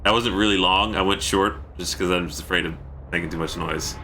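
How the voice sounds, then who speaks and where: A man's voice: sits low, fairly even intonation, a little fast, sharp tone, slight background noise. A man chatting casually through a gameplay stream from home, keeping his voice down, thanking viewers and letting out sudden yelps.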